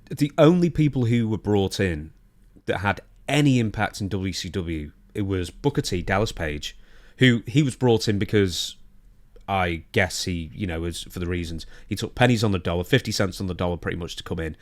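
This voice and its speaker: A man chatting casually on a podcast into a studio microphone, animated and excitable, with sudden loud outbursts. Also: low-pitched, moderate pace. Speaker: podcast co-host.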